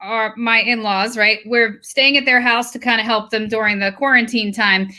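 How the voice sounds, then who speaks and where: Bright-voiced woman chatting as co-host. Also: a little high, fairly even intonation, moderate pace. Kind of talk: casual livestream chat.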